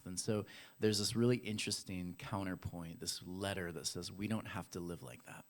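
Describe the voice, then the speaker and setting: A man's voice: sits low, steady tone, normal speed. A man preaching a casual, playful sermon in a church, talking straight to the congregation. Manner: playful, chatty, addresses the congregation directly. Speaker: pastor. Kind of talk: casual sermon with audience games. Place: church hall.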